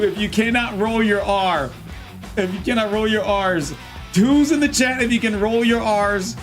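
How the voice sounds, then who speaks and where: Man, wrestling stream commentator, high voice, unhurried, playful and jokey, hammy rolled R's, home streaming mic. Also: faint music behind. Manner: playful, joking and laughing, hammy ring announcements with rolled R's. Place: home streaming setup in front of a green screen.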